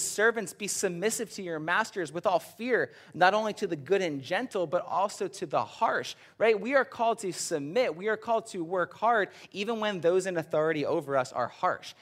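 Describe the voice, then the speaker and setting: A young man, a school teacher, preaching a conversational sermon and often checking in with his listeners. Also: sits high.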